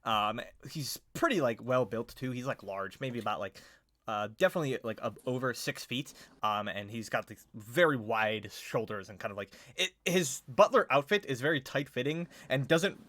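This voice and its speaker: A man's voice: mid-range voice, lively intonation, normal speed, fairly bright tone, dry recording. Young male game master, loose rambling narration, dry close mic. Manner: rambling, many fillers, casual.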